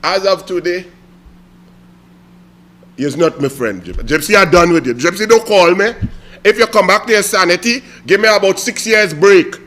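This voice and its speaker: A man's voice: sits high, moderate pace, long pauses, sharp tone. A man with a Trinidadian accent giving mocking political commentary, taunting and theatrical. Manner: taunting, theatrical, repeatedly needling.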